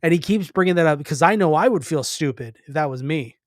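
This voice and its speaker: A man's voice: a little high, animated, fast talker, no echo, studio quality. A man talking casually about a comedy film as a podcast guest, easygoing and a bit hesitant. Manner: easygoing, hesitant, laughs easily. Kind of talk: casual movie chat.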